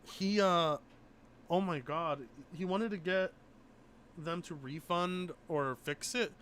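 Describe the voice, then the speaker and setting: A man's voice: high-pitched, slow pace, a little hiss or hum. A man hosting a live stream, chatting casually, swearing and laughing often. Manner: profane, animated, laughs often. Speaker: streamer host.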